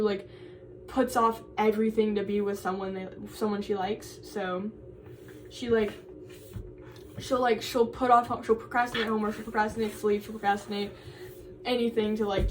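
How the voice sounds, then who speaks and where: A woman's voice: mid-range voice, recorded from a distance, a little hiss or hum, rough recording. A young woman in college chatting casually for her vlog, rambling with lots of fillers and restarts. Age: young adult. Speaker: college vlogger.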